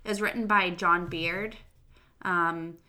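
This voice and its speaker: A woman's voice: lowish voice, fairly even intonation, takes it slowly, pushed and bright, clear, resonant tone. A woman co-hosting a podcast, chatting casually and loosely working through her notes. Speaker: podcast co-host. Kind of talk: casual chat.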